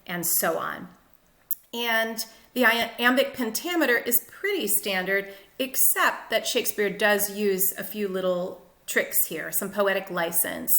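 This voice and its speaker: Woman teacher, bright tone, steady lecture on a poem, recorded in a roomy space. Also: mid-range voice. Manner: clear, methodical explanation with occasional fillers. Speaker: literature teacher. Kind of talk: lecture-style poetry analysis.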